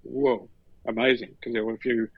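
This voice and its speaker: A man's voice: mid-range voice, normal speed, creaky, husky, no room sound. A man in his fifties with an Australian accent, telling stories in a casual chat and acting out the voices. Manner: animated anecdotes, acting out voices. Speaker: podcast co-host, former paramedic. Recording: dull lo-fi dry sound.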